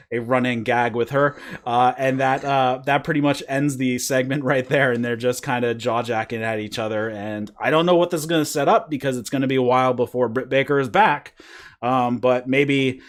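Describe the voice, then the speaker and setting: A man's voice: mid-range voice, fairly bright tone. A man hosting a podcast, casually recapping a wrestling show in a rambling, play-by-play way. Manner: rambling play-by-play retelling with fillers. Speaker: podcast host.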